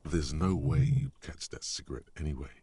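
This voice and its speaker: A deep dry-humored game narrator, close, dead room. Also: male voice, normal speed, mellow, husky, no room sound, heavily acted. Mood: wry. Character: wry, deep-voiced male game narrator.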